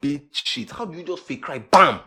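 Young Nigerian co-host, teasing and incredulous, slightly high, very lively pitch. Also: male voice, normal speed. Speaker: podcast co-host. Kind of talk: casual chat.

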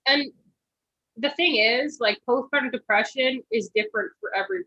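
A young woman talks earnestly, laying out her point to a friend in a casual chat. Her voice is a little high, very bright and husky. The recording is dry and a bit dull. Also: animated, normal speed, dry recording. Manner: earnest, explaining.

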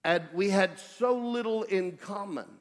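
High-voiced New York preacher in a hall. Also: male voice, measured pace. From United States. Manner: conversational, animated storytelling with self-deprecating humor. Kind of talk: storytelling sermon testimony.

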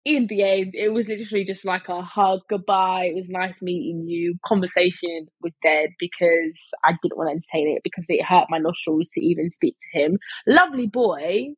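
A woman's voice: lowish voice, moderate pace, few pauses, breathy edge, no echo, low-quality recording. A young woman chatting casually in a storytime vlog, full of fillers and mimicking other people in quotes. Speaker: vlogger.

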